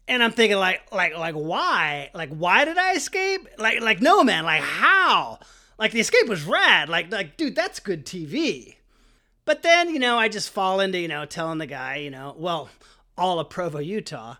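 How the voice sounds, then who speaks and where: A man recounting his own story in a loose, profane, conversational way, packed with likes and you-knows. His pitch moves in lively swings. Faint music plays underneath. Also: moderate pace. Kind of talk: first-person storytelling.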